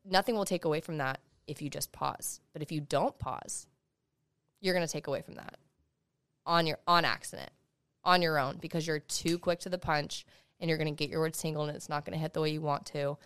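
A young woman, a law student guest on a podcast, talking fast and emphatically in casual conversation as she gives advice. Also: low-pitched, fairly even intonation, fairly bright tone, clean tone, no room sound.

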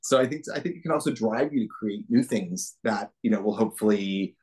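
A man's voice: lowish voice, fairly quick, a little mellow. A man being interviewed as a guest, talking in an enthusiastic, reflective way with many restarts. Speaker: puppeteer guest. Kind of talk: casual interview chat.

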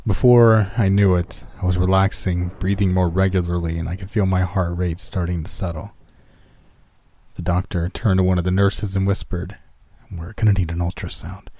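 Casting: low-voiced male horror narrator, warm dark tone, dry close mic. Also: moderate pace, dry recording. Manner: calm storytelling, lifts pitch for quoted characters.

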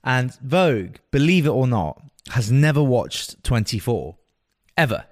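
A man's voice: medium pitch, very animated, a little slow, darkish tone, no echo, studio quality. A man co-hosting a podcast, chatting casually and teasing his partner in playful banter. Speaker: podcast co-host. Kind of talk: casual chat.

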